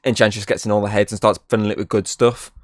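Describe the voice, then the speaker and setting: A man's voice: lowish voice, flat delivery, fast, no room sound. A man hosting a casual film review podcast, rambling and leaning on filler words and restarts. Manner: rambling, leans on "obviously" and restarts.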